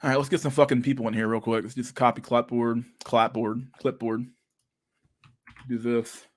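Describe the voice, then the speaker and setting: A man's voice: mid-range voice, little pitch movement, normal speed. A young man hosting a casual livestream chat, talking in a profane, slangy and sarcastic way, often laughing. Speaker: livestream host.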